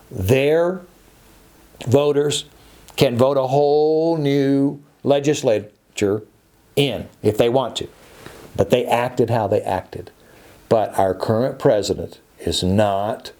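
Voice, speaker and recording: Emphatic man, mellow dark voice. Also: mid-range voice. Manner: emphatic, repetitive, stumbles and restarts. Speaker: attorney and podcast host. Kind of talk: opinionated podcast monologue.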